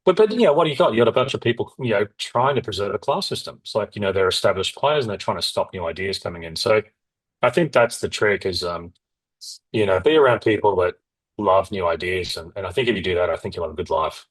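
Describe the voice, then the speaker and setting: A man's voice: low voice, breathy edge, poor audio. A middle-aged man, a company founder telling stories in a candid interview, rambling and acting out the voices of people he quotes. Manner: rapid, rambling, animated, acts out quoted dialogue.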